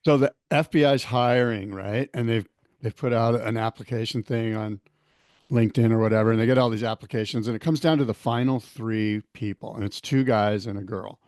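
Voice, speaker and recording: A man's voice: mid-range voice, fairly quick, no room sound. Man, podcast co-host, joke-telling, dry sound. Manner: animated joke-telling with quoted voices. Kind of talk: casual chat, telling a joke.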